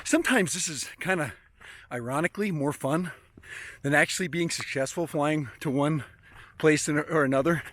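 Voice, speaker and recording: A chatty man talks his way through a hike in open country, rambling casually. His voice sits a little high for a man. The sound is dry and close. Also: normal speed, fairly bright tone, dry recording. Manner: chatty and rambling, chuckles often. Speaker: drone hobbyist vlogger. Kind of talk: casual outdoor vlog narration. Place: outdoors in open country, hiking.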